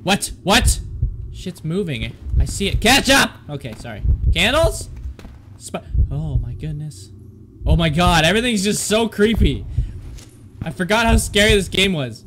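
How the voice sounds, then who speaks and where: A man with a high voice talks his way through a horror game, jumpy and quick to swear and yelp. He jokes with his viewers and scolds the game. Clear clicking noise sits under his home recording. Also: animated, fairly bright tone. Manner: jumpy, swears a lot, yelps and panics; jokey self-talk to viewers and the game. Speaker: gaming channel host.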